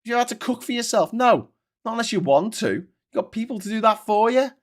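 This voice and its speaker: Brit host, higher-pitched, heated sweary rant on politics. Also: male voice, expressive, a little fast. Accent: British. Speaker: host of a political commentary show. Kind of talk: casual ranting political commentary.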